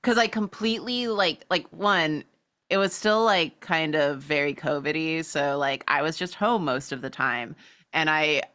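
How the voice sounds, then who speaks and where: A woman's voice: low voice, a little slow, pushed and bright. A young woman co-hosting a casual stream, chatty and full of fillers, laughing often. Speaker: co-host.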